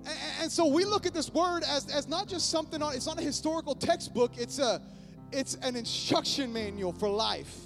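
A male pastor preaching a lively sermon to his church, often calling out to the congregation. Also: very high-pitched, brisk, gravelly, over music. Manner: energetic, calls on the congregation often. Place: church sanctuary.

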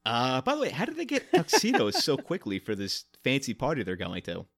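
A man guesting on a movie podcast, telling wry stories at his own expense. His bright voice moves lively up and down. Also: mid-range voice, fairly quick. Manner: storytelling, wry and self-mocking. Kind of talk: casual movie chat.

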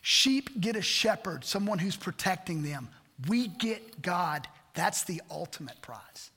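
A pastor preaches a sermon in a high, bright voice, earnest and packed with rhetorical questions. He is very animated, a little slow, and slightly rough, and his words ring with the long reverb of a church sanctuary.

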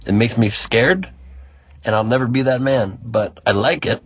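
A man's voice: medium pitch, normal speed, husky, dry recording. A man hosting a podcast, chatting in a joking, self-deprecating, rambling way. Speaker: podcast host. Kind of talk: casual comedic podcast chat.

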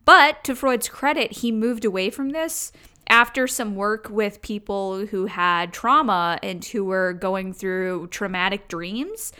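A woman co-hosting a podcast in casual chat, teasing and laughing with quick asides. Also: mid-range voice, bright, forceful tone, clear, resonant tone. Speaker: podcast co-host.

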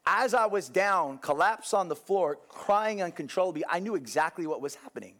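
Animated man preaching a casual sermon. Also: sits high, moderate pace. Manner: animated storytelling, frequent restarts and asides to the congregation. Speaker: pastor. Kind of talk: conversational sermon.

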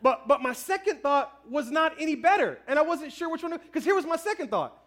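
A high-voiced man in his thirties preaches a sermon as a pastor. He tells stories in an animated, self-mocking way, then slows down for the message. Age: 30s.

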